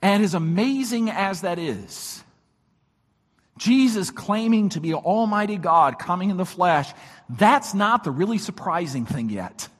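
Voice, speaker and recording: High-voiced preacher in a reverberant hall. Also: male voice, lively intonation, unhurried. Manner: dramatic swings from shouts to near-whispers. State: weak voice this morning. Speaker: pastor. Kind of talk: sermon.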